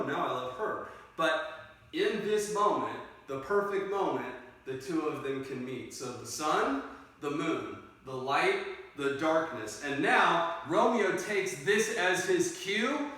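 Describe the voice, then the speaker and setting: A man teaching a play scene to a class, telling it in an animated way and directing the readers. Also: a little high, a little slow. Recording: echoey room, mic far off.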